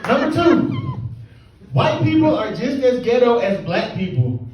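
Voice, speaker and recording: High, lively man doing stand-up. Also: unhurried, lo-fi sound, a little hiss or hum. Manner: animated storytelling, acting out people in the story. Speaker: stand-up comedian. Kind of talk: stand-up set. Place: small comedy club. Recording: echoey club from far off, crowd. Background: audience laughing.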